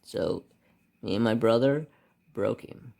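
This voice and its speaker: A man hosting a craft channel, telling a rambling childhood story in a casual way while he colors, muttering to himself over which color to pick and getting animated at the exciting parts. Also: lowish voice, slow, gravelly. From United States.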